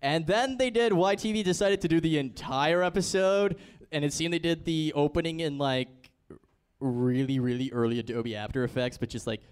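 A young man hosting a casual radio chat at a convention, animated and chatty with a self-deprecating streak. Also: fairly high pitch, moderate pace, clean tone. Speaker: radio show host.

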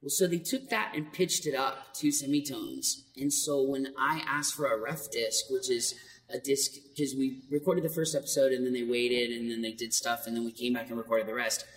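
In an echoey hall with faint noise, a distant mic captures a voice actor telling stories during a casual interview. His mid-range voice moves at a normal speed, and he's animated and laughs frequently.

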